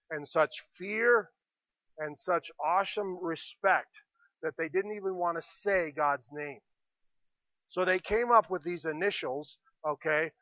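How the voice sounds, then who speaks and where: Male pastor, earnest sermon delivery, slight sore throat; high, bright voice, dry and a little muffled. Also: no echo. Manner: earnest, repeats "okay?" to the congregation.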